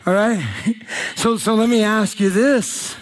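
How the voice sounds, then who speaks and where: Animated high-voiced male preacher. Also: measured pace. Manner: animated, joking with the congregation. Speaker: pastor. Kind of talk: sermon. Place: church hall.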